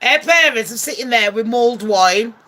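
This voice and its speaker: A woman's voice: a little high, lively intonation, moderate pace, pushed and bright, a little hiss or hum. A woman giving comic gossip commentary as a vlogger, brash, profane and sarcastic.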